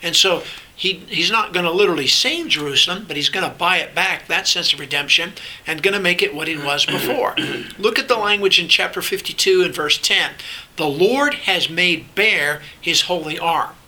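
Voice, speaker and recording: A man's voice: high-pitched, moderate pace, pushed and bright, rough recording. An older man teaching through a Bible passage, explaining in a conversational way with frequent restarts. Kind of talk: sermon-style Bible teaching. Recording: faint hiss.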